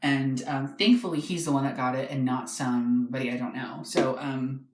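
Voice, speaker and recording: A man chatting excitedly in a casual toy review vlog, talking freely with frequent ums. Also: mid-range voice, moderate pace, noisy background. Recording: echoey room.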